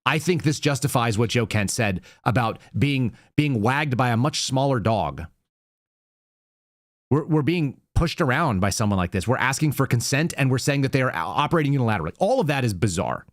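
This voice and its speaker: A man's voice: medium pitch, expressive, a little fast, no echo, studio quality. A man hosting a political commentary show, sarcastic and heated, reading quotes aloud with emphasis. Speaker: show host.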